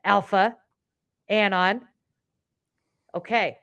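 A young adult woman hosting a casual live podcast, chatty and animated, laughing often and restarting her sentences. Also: medium pitch, extremely slow, smooth, lo-fi sound. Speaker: podcast host. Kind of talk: casual live-stream chat.

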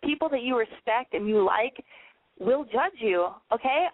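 A woman's voice: fairly high pitch, expressive, a little slow, no room sound. Chatty woman radio host on a thin line. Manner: chatty, rambling, blunt. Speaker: call-in show host. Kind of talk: casual call-in advice and banter. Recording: tinny phone-like line, dry.

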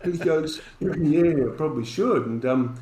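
A man's voice: a little high, lively intonation, normal speed, warm tone, echoey room, slight background noise, low-quality recording. A man, a podcast guest telling a story and acting out the dialogue in it.

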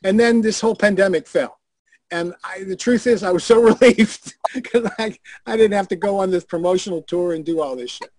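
An older man, a guest on a video call, telling animated, profane stories and acting out the voices of the people he quotes. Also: sits high, a little fast, dry recording. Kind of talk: anecdotal storytelling.

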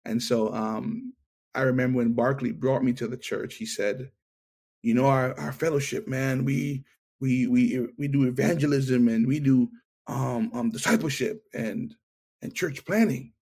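A middle-aged man gives his testimony as an interview guest, an animated storyteller who acts out the lines of the people involved. He speaks a little slowly in a medium-pitched voice.

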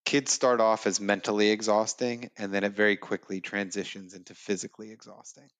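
A man's voice: fairly low pitch, little pitch movement, brisk, fairly bright tone, no echo. A man on a casual podcast, making dry, wry remarks.

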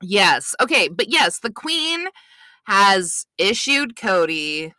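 Giggly, bright-voiced woman podcast co-host. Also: medium pitch, very animated, takes it slowly, no room sound. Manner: giggly, blunt and playfully sweary. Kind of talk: casual podcast banter.

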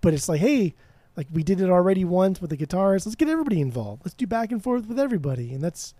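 A man's voice: high voice, expressive, quick pace, mellow, no room sound. A man co-hosting a podcast, chatting casually about an album, brash and teasing, swearing freely. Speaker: podcast co-host. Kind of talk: casual music review chat.

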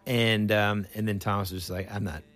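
A man hosting a podcast, telling stories in a loose, lively conversational way. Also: on the low side, moderate pace, soft background music. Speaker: podcast host. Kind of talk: casual chat.

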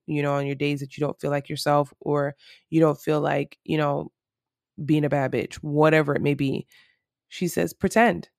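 A woman's voice: sits low, gravelly, a little mellow, no room sound, clean studio sound. A woman talking to camera in a casual, reflective monologue, earnest and rambling with lots of fillers.

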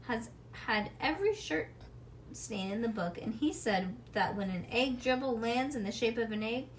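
A sly, superstitious little storybook boy, put on by a woman reading aloud talks in a hushed, theatrical way. He schemes and dramatizes every word. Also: a little high, lively intonation, moderate pace, distant mic, a little hiss or hum, lightly acted. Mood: scheming.

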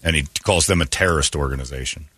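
A man in casual comedic chat, riffing animatedly and jumping into high mocking voices for bits. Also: fast talker, fairly bright tone, no room sound.

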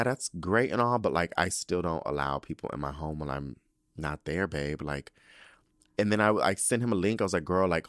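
Young man, sassy storyteller, slangy and profane, low voice, dry close sound. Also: a bit bright, no echo. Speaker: podcast host. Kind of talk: casual storytelling monologue.

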